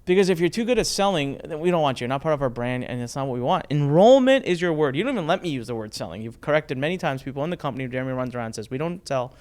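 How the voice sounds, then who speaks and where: A man hosting a casual chat, telling a story in an animated way, laughing often and restarting his sentences. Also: on the high side, racing, hardly any pauses. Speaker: host.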